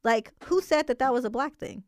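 A woman hosting a casual interview, speaking reflectively with frequent pauses and ums. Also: on the high side, darkish tone, no room sound, studio quality. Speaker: podcast host.

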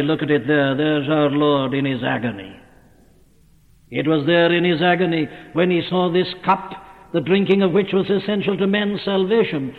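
A man's voice: fairly high pitch, narrow, tinny audio. A man preaching a sermon in an earnest manner, rising to fervent cries. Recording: phone-thin old sermon tape in a reverberant hall.

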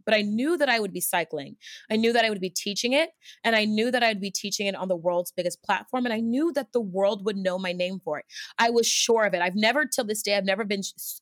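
A woman's voice: medium pitch, dry recording, clean studio sound. Earnest woman telling a personal story. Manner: lively and earnest, many restarts and fillers like 'like'. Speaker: cycling instructor.

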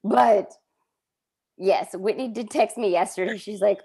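Unhurried woman podcast co-host. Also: mid-range voice, lively intonation, creaky, darkish tone. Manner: unhurried storytelling, acts out quotes. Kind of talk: casual chat recapping a sitcom.

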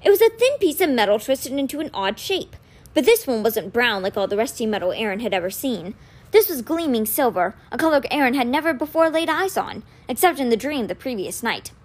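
Woman, novel read-aloud, expressive storytelling, animated, higher pitch. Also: a little fast. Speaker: reader. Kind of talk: reading a children's novel aloud.

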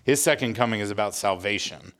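A man's voice: on the low side, fairly quick, fairly bright tone. A man co-hosting a casual church podcast, reading scripture aloud and teasing his friends with easy laughter. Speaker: podcast co-host and reader.

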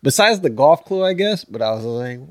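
A man's voice: on the high side, very animated, brisk, no echo. A man co-hosting a podcast, telling rambling stories in casual chat and laughing at his own jokes. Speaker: podcast co-host.

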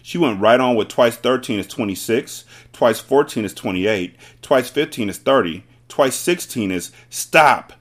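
A man's voice: medium pitch, animated, normal speed, few pauses. A man hosting a podcast, reading a children's book aloud with casual asides to listeners. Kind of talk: storybook read-aloud.

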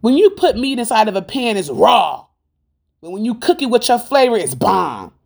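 A woman's voice: a little high, very animated, normal speed, creaky, a little mellow. A woman giving an informal Christian sermon in a fervent, rhythmic style. She repeats lines for emphasis and puts rhetorical questions straight to her listeners. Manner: fervent, preachy, rhythmic and repetitive. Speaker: Christian speaker.

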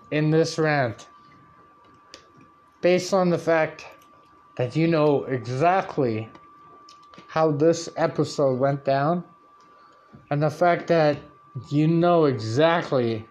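A man hosting a podcast, telling a story in a loud, profane, animated rant and acting out what people said. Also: a little high. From Canada. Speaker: podcast host.

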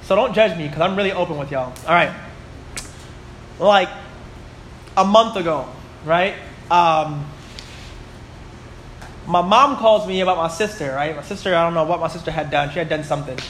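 A man's voice: fairly high pitch, moderate pace, pauses often, a bit bright, a little hiss or hum. A man in his twenties teaching a Bible class, chatty and full of stories, often asking "right?" and "you know?". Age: 20s.

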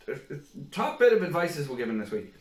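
A man co-hosting a podcast in casual banter, crude and quick to laugh, with the odd acted-out rant. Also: a little high, sing-song, echoey room, poor audio. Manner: crude, laughing, acts out others' rants. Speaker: podcast co-host.

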